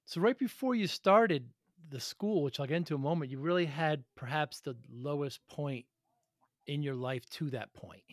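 A man's voice: fairly high pitch, moderate pace, no echo, clean studio sound. A man hosting a podcast, leading his guest with questions and prompts. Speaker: podcast host. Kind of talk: interview questions.

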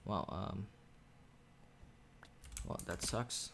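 A gaming YouTuber rambles casually over his own gameplay, joking and trash-talking the other players into a USB desk microphone. His voice is mid-range and normal in speed, with frequent pauses. Faint keyboard and mouse clicks sit under slight background noise.

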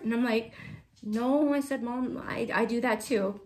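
A woman's voice: high-pitched, normal speed, a bit bright. A woman in her thirties hosting a casual cross-stitch vlog, talking to her viewers in a chatty, rambling way with frequent laughs. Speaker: Flosstube cross-stitch vlogger.

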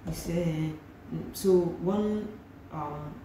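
A woman's voice: low-pitched, very slow, warm tone, a little hiss or hum. A young Nigerian woman with a Nigerian accent, animatedly retelling a personal story in a vlog and slipping into pidgin phrases. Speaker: vlogger. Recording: very echoey room, faint ambience.

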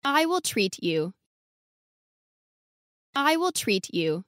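A woman reading short English sentences slowly and clearly, saying each one twice for learners to repeat. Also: a little high, very animated, fairly bright tone, no room sound, studio quality. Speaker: English lesson reader.

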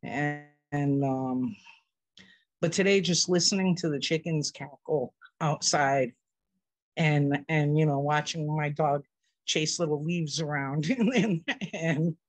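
A man joining a prayer call to share a personal testimony, halting and full of restarts, getting weepy as he talks. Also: fairly high pitch, no room sound. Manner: halting, many restarts, tearful. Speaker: participant sharing a testimony. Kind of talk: emotional personal sharing.

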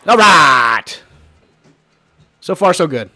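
A hoarse man giving casual, excitable commentary while playing a baseball video game, often swearing and shouting at the players. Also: medium pitch, moderate pace, no room sound. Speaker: gaming channel host.

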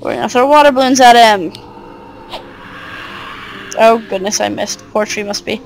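A woman's voice: fairly high pitch, moderate pace, faint music behind, low-quality recording. A woman giving casual let's play commentary, chatty with muttered asides and mild swearing. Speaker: game player.

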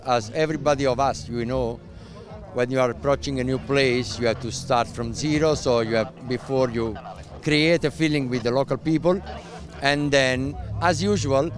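An older man, a race official, answering interview questions in halting English while searching for words. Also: mid-range voice.

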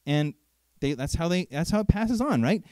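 A man preaching in an animated, chatty way, leaning on rhetorical questions to pull the congregation in. His voice sits high for a man and swoops all over the place. The sound is dry and close. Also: normal speed, clear, resonant tone, no echo. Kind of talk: sermon.

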